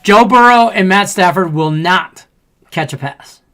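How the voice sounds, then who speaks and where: A man co-hosting a casual sports betting podcast, rambling and profane as he tells animated stories. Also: high-pitched, measured pace, background noise. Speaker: podcast co-host.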